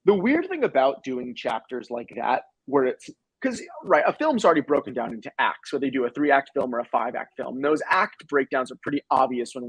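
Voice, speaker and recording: A young adult man co-hosting a casual movie review chat, animated and swearing casually as he retells scenes. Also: mid-range voice, breathy edge, dry recording, poor audio. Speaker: film review podcast co-host.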